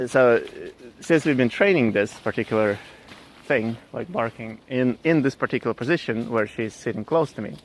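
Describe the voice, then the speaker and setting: A man's voice: medium pitch, lively intonation, normal speed, a little hiss or hum. A man explaining his dog training approach in a casual, thinking-aloud way, with plenty of fillers and restarts.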